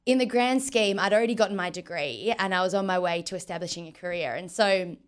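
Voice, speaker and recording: A woman, a football captain telling her story in a casual interview, animated and full of "like". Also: lowish voice, fast, smooth. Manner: animated, lots of "like", acts out quotes.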